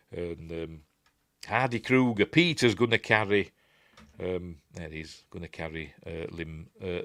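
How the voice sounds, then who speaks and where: Chatty Yorkshire man, low and dry. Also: no room sound. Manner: rambling, chatty, self-correcting with many asides. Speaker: film reviewer and host. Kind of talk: casual running commentary over a film.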